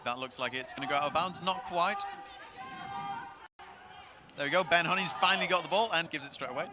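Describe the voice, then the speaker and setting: A man's voice: on the high side, fairly quick, crowd noise, noisy background. A man doing live match commentary outdoors with jokey, chatty banter.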